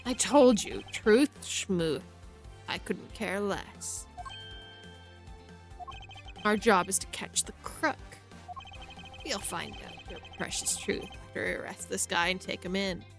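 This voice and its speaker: A woman's voice: medium pitch, takes it slowly, long pauses, faint music behind. A woman voicing a brash, arrogant male police agent in a game read-through, talking cocky and dismissive.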